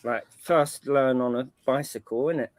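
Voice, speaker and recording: A man's voice: medium pitch, moderate pace, noisy background. A man chatting casually on a panel stream, rambling and slangy, often restarting his sentences. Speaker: panel guest. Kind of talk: casual chat.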